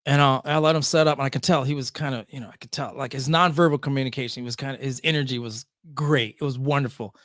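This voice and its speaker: A middle-aged man from Michigan, a podcast guest, telling stories in an animated way and acting out the voices of the people in them. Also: medium pitch, fast, few pauses, dry recording, studio quality. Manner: acts out quoted voices. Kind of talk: animated storytelling.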